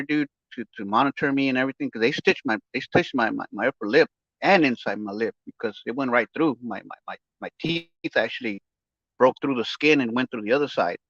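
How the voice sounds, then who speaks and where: A man's voice: medium pitch, a bit bright, dry recording. A man hosting a podcast, lisping and mumbling through a broken jaw and missing front teeth, rambling with stammered restarts and heated profanity. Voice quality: lisping, mumbled speech through a barely opened mouth. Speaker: podcast host giving a health update. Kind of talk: casual rambling monologue. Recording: dull, dry, lo-fi recording.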